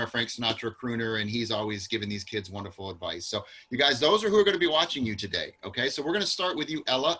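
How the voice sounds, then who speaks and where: A man's voice: mid-range voice, bright, forceful tone. A man hosting a live acting class over a video call, encouraging and introducing guests at length. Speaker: acting school host.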